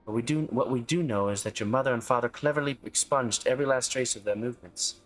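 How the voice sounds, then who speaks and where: An earnest young woman investigator speaks in a raised, measured voice, as a man reads her lines from a game. Her delivery is careful and sincere, set over faint game music. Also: medium pitch, voice pushed up, close to an everyday voice. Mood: reassuring. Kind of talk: reading game dialogue aloud.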